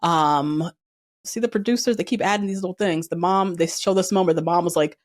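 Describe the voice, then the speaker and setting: A woman's voice: on the low side, fairly quick. A woman hosting a podcast, chatting casually about a reality show, laughing often and acting out what people said. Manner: animated, laughs often, acts out quotes. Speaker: podcast host. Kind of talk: casual recap chat.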